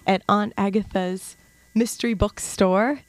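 A woman's voice: medium pitch, fairly even intonation, no echo. Woman hosting a studio radio interview. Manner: halting, with many fillers and restarts, laughs easily. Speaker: radio show host. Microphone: studio mic.

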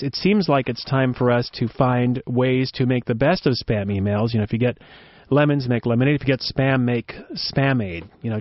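A man's voice: medium pitch, dry recording. A man hosting a radio show, rambling through wry, joking commentary. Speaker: radio host. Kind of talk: casual commentary. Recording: dull dry lo-fi sound.

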